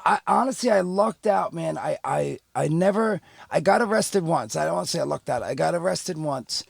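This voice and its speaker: A man's voice: fairly high pitch, expressive, moderate pace, vocal fry, no room sound, studio quality. A middle-aged man, telling a story candidly and rambling as a podcast guest, full of fillers and restarts. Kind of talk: casual storytelling.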